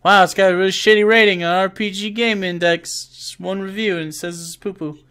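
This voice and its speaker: A man's voice: high-pitched, fairly even intonation, brisk, pushed and bright, clear, resonant tone. A man hosting a casual live stream, reading viewer messages aloud and joking around with lots of swearing and restarts.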